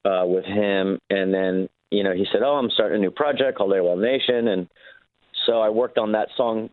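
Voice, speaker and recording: A middle-aged man, a guest musician calling in to an interview, telling stories in a relaxed, rambling way. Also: on the low side, moderate pace, no room sound. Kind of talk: casual interview chat. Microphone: phone call. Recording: tinny phone line.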